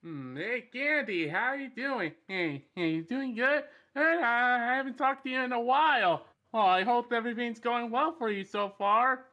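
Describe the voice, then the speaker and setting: A man's voice: very high-pitched, normal speed, hardly any pauses, highs cut off. A man making awkward, repetitive flirting attempts on a livestream. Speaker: flirting contest participant.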